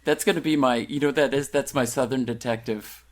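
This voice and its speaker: A man's voice: mid-range voice, steady tone, fairly quick. Playful joking man. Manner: playful, riffing on jokes. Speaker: podcast co-host. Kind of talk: casual comedic chat.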